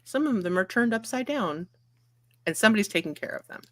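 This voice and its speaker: A woman's voice: mid-range voice, lively intonation, a little fast, a bit bright, no room sound. A woman getting over a cold, narrating a tabletop game as game master in a chatty, giggly way.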